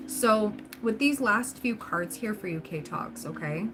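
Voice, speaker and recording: A woman's voice: mid-range voice, expressive, slow pace. Female tarot streamer, casual encouraging chat, noisy home mic. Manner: chatty, encouraging, frequent laughs and fillers. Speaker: tarot reader livestream host.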